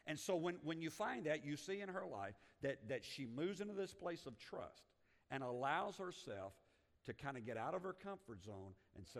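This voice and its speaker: A man's voice: mid-range voice, very animated, normal speed, long reverb tail. A man preaching a sermon as a pastor, talking emphatically with frequent restarts and building in volume.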